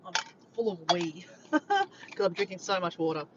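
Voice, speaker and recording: A woman's voice: on the low side, very animated, moderate pace, dull audio, very noisy. An Australian woman chatting casually with her viewers while driving, filmed on a phone. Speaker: vlogger. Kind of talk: casual chat to a live chat. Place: in a car. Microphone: phone camera.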